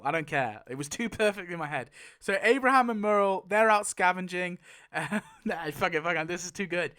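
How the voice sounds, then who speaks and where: A man hosting a casual online chat, excitable, laughing often and swearing freely. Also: fairly high pitch, smooth. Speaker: YouTube host.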